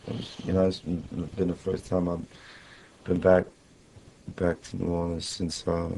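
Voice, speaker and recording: A man in his thirties with a low, mellow voice, thinking aloud in a relaxed radio studio interview. He speaks haltingly and reflectively, circling back with "you know" as he searches for words. A faint hum of room noise sits under the studio recording. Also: poor audio. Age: 30s. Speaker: guest musician.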